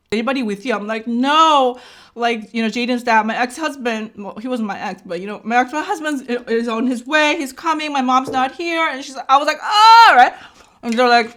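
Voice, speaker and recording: A woman's voice: fairly high pitch, fairly bright tone. A woman vlogger telling a personal story in a casual way. She acts out the dialogue and keeps checking in with "right?".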